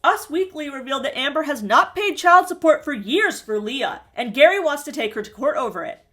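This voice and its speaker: Woman doing a reality tv recap, kinda high voice, blunt and snarky. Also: lively intonation, a little fast, bright, forceful tone. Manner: blunt, sarcastic, profane. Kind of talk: casual commentary.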